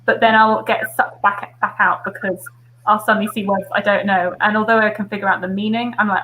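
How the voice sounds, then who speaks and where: A woman's voice: mid-range voice, level tone, fairly quick, sharp tone, low-quality recording. A woman hosting a casual video call discussion, asking questions and reflecting on her own reading. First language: English.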